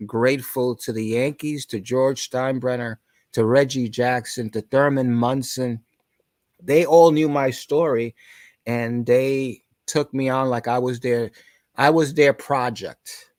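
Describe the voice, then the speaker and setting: A man in his sixties, a podcast guest, telling stories in conversation and shouting out the lines of the people in them. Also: mid-range voice, no echo. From New York. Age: 60s. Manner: animated, shouts out quoted lines. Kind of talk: storytelling in conversation.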